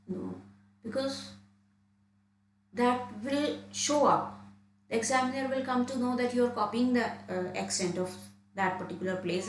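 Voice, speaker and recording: A woman's voice: mid-range voice, echoey room, a little hiss or hum, poor audio. A woman from India, an IELTS trainer, giving an online lesson and often restarting and repeating phrases as she explains.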